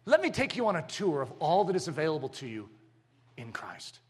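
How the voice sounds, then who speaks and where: Animated high-voiced male preacher. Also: brisk, slightly rough. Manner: animated storytelling, acting out little scenes; swings from loud emphatic to hushed. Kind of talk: sermon.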